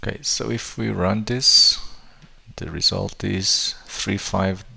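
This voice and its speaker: Low gravelly man explaining code. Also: steady tone, slow pace, sharp tone. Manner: thinks aloud with frequent fillers and restarts. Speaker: programming tutor. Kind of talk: screen-recorded coding tutorial.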